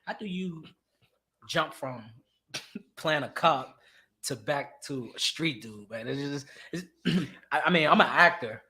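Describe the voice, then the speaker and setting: A man telling animated stories in a casual chat about acting. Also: a little high, slow pace. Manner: animated storyteller acting out quotes. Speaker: actor guest.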